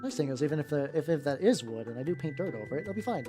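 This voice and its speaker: A middle-pitched American streamer chatting loosely while painting, rambling and cursing, tripping over restarts. Quiet background music plays under the voice. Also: animated, very fast. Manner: rambling, frequent restarts and swearing. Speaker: VTuber streamer painting miniature terrain. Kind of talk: casual livestream chat while painting. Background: faint background music.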